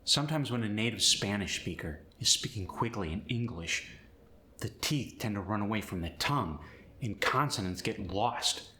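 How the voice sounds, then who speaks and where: A man teaching pronunciation as an accent coach, demonstrating sounds in an animated, hands-on way. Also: on the low side, normal speed, roomy sound, a little hiss or hum. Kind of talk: instructional pronunciation tutorial.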